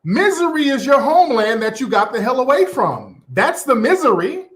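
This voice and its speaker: Sassy profane American man, lively pitch. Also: normal speed. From United States. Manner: sassy, profane, mocking, calls people sweetie and boo. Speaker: commentary channel host. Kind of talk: ranting commentary.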